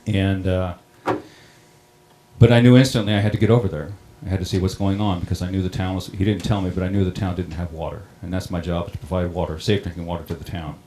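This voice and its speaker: A middle-aged man who runs a town water system recounts a personal story in a plain-spoken, halting way. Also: low-pitched, level tone, warm tone. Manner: plain-spoken, halting, many ums and restarts. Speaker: water district operator on a panel.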